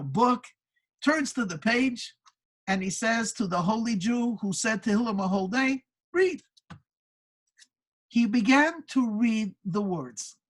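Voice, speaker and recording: A woman's voice: on the high side, fairly bright tone, poor audio. A woman speaking at a religious gathering, telling a Hasidic story and reflecting on it earnestly, often restarting her words. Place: synagogue community gathering.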